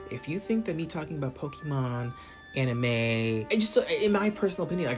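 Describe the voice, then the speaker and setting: A young man ranting through a casual pop-culture commentary, theatrical and profane, swinging between muttering asides and loud outbursts. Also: mid-range voice. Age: young adult. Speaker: commentary vlogger.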